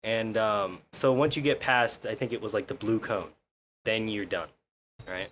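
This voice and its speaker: A man's voice: lowish voice, normal speed, a bit bright, a little hiss or hum. A young man, a podcast guest, telling a rambling, sweary story in casual chat. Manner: swears a lot, rambling with restarts.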